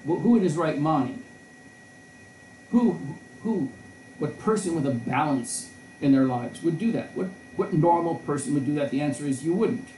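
A man's voice: a little high, animated, moderate pace, warm tone, recorded from a distance, slight background noise. A man lecturing as a professor in a conversational, storytelling way, often restarting his sentences. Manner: discursive, storytelling, frequent restarts. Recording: roomy echo, voice a bit off-mic.

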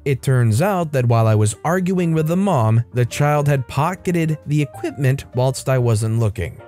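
Male narrator, mid-pitched and warm-toned, even storytime reading. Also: normal speed, soft background music. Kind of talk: scripted narration.

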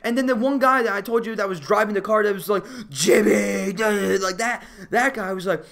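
Young dude ranting about a movie, swears a lot, lots of likes and uhs, gets all worked up. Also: male voice, sits high, quick pace. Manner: profane and rambling, full of fillers and restarts; gets loud and worked up while retelling scenes. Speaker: movie reviewer. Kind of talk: casual film review rant.

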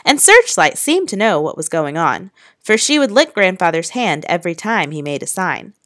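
A woman teacher reading a children's novel aloud in a clear, measured storytelling way. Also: on the low side, big pitch swings, fairly bright tone, no room sound, clean studio sound.

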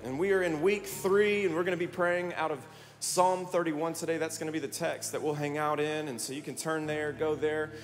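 Man preaching, fairly high voice, energetic, long hall reverb, faint music behind. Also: moderate pace. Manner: energetic, rallying the congregation. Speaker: pastor. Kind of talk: sermon. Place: large church hall.

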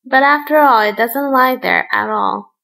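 Woman reader as booming fairy-tale giant, gravelly, high-set for a brute. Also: unhurried, bright, forceful tone, heavily acted, poor audio. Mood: gruff. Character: roaring heartless male giant.

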